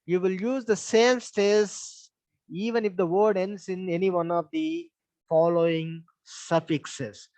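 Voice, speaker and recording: A man's voice: high voice, steady tone, slow, darkish tone, no room sound. A man with an Indian English accent teaching an online English class, patiently repeating points and spelling words out letter by letter. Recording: dull lo-fi sound.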